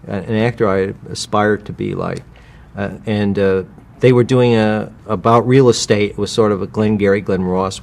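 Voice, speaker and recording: A man's voice: lowish voice, vocal fry, a little mellow. A man from the United States, a voice actor being interviewed, rambling with many restarts and slipping now and then into character voices. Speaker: guest voice actor. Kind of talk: casual interview.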